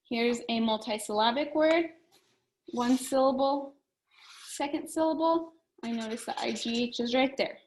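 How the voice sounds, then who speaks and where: A woman teaching a phonics lesson to young children, slowly and clearly sounding out letters and words. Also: fairly high pitch, low-quality recording.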